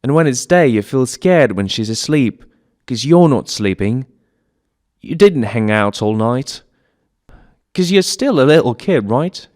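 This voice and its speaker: A man's voice: mid-range voice, expressive, unhurried, a little mellow. Guy doing a one-man stage monologue, kid's viewpoint, plaintive and plain. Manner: childlike, plaintive storytelling. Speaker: solo stage actor. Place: theatre stage.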